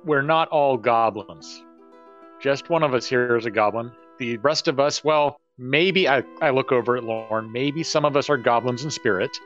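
A man's voice: mid-range voice, moderate pace, fairly bright tone, soft background music. Guy player, muffled dull mic, lots of ums. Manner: hesitant, with many fillers. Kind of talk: playing a character in a tabletop game.

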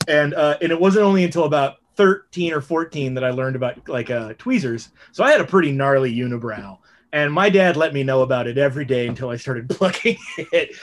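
A man's voice: mid-range voice, brisk, a little hiss or hum. A man in his thirties chats casually on a podcast. He tells long stories in a rambling, profane way, full of fillers and asides. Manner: rambling, profane, animated storytelling. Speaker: podcast co-host. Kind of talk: casual chat.

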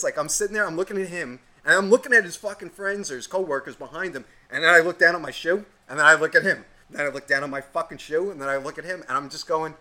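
A young man co-hosting a podcast, telling a story in a casual, profane, animated rant. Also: fairly high pitch, quick pace, few pauses. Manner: swears constantly, animated ranting. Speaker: podcast co-host.

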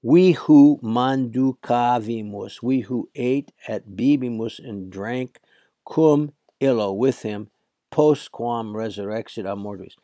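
A man with a hoarse, cracking voice teaching a Latin lesson, translating slowly and haltingly with many fillers. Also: mid-range voice, dark tone, no room sound, studio quality. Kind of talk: slow classroom Latin lesson.

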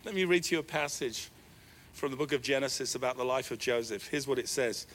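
Bright, animated male preacher. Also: fairly quick, a little hiss or hum. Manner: animated preaching, swings from loud raised pitch to quiet asides. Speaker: pastor. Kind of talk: sermon.

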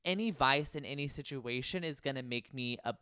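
A man's voice: medium pitch, brisk, bright, forceful tone, smooth, no echo, clean studio sound. A man co-hosting a podcast, chatting casually about a reality show and quoting people in mock voices. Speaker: podcast co-host.

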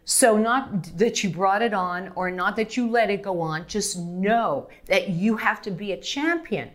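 A woman's voice: mid-range voice, measured pace. A middle-aged woman from Montreal, a guest speaking frankly and with animation in an interview, often laughing and restarting her sentences. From Montreal, Canada. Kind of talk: candid interview conversation.

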